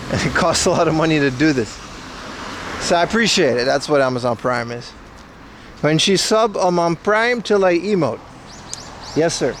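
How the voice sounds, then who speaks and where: A young man talks to his livestream viewers in a loose, joking way, ribbing them as he goes. His voice sits a little high for a man. Faint street noise carries on behind him outdoors. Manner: joking, banter with chat. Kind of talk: casual IRL stream chat.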